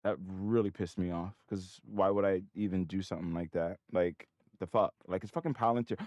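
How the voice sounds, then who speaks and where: Profane, fast-swinging male day trader. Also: low voice, no echo, clean studio sound. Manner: profane, self-critical, talks to himself; excitable outbursts between mumbled asides. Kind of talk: live trading commentary.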